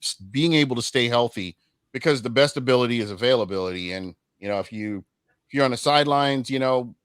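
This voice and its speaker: A man hosting a sports podcast, speaking in a measured, casual way with frequent fillers. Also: mid-range voice, fairly bright tone, smooth, dry recording. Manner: measured, many "you know" fillers.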